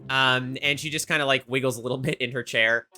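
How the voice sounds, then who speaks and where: A woman's voice: rumbling low, fairly even intonation, quick pace, pushed and bright. A woman narrating a tabletop game as game master, casual and loose with lots of fillers. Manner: casual, many fillers, laughs often.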